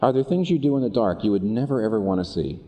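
A man preaching a sermon as pastor, earnest and animated, asking the congregation pointed questions. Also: fairly low pitch, quick pace. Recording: long hall reverb.

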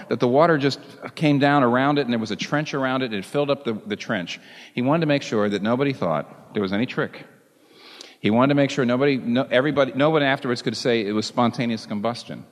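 A man preaching a sermon as a pastor, telling the story in a lively way and chuckling along with it. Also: medium pitch, quick pace, big-room sound.

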